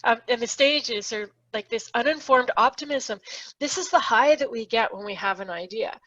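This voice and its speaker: A woman's voice: fairly high pitch, moderate pace, a bit bright, dry recording, lo-fi sound. A woman podcast co-host talking through a diagram in casual chat. She thinks aloud with many ums and acts out quoted thoughts.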